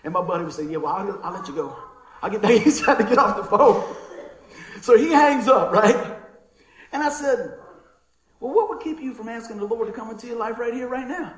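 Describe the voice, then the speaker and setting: A man delivering a sermon as a loose, animated story. His voice sits high for a man and rings around an echoey room. He talks in a folksy way and chuckles as he goes. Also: a little fast. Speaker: pastor.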